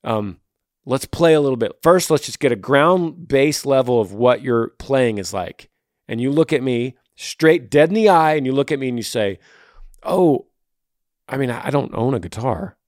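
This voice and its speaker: A man with a tired voice, talking to listeners in relaxed podcast advice talk. His middle-range voice is earnest and pleading, and sometimes drops low and soft when he pushes a point. The sound is dry and close, with no room around it. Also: normal speed, no echo. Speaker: podcast host answering listener emails.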